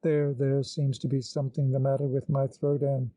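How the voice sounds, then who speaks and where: A man's voice: medium pitch, little pitch movement, normal speed, mellow, no room sound, lightly acted, rough recording. A man voicing a dazed young woman singer who speaks with hesitancy and stammers, in an audiobook. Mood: hesitant.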